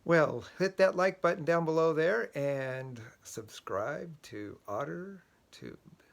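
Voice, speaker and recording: A man reading a children's picture book aloud as a storyteller, slow and expressive. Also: on the high side, gravelly.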